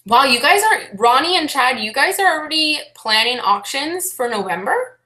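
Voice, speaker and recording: A young woman chatting loudly and animatedly on a casual live stream, talking about her life as an online reseller. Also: sits high, sing-song, normal speed. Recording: echoey room.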